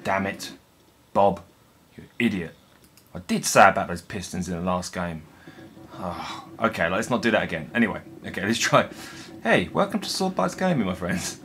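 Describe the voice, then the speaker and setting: Jumpy gamer swearing at shadows. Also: male voice, on the low side, slight background noise. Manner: jumpy and excitable, swearing and talking to himself. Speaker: gaming video host. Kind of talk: let's play commentary.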